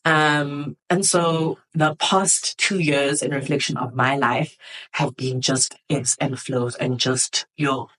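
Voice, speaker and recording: A woman's voice: extremely low pitch, fairly even intonation, slow pace, fairly bright tone, rough recording. Candid woman in her twenties reflecting. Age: 20s. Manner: candid, reflective, conversational, many fillers. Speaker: podcast host.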